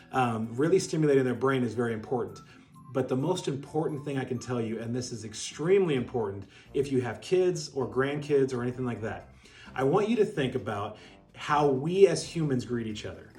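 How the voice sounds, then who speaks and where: A middle-aged man, a dog breeder, calmly explaining how to interact with a puppy in an even-keeled instructional talk. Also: medium pitch. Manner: calm, even-keeled, demonstrates voice tones. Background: soft guitar music.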